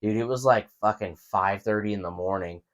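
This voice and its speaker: A young man co-hosting a podcast, telling a story in casual chat, animated and swearing a lot. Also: lowish voice, a little fast. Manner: animated storytelling, heavy swearing, acts out reactions. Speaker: podcast co-host.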